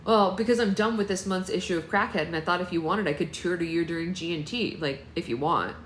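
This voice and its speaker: A woman's voice: on the low side, quick pace, roomy sound, a little hiss or hum, lightly acted. Woman reading as a wry teenage boy. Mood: teasing.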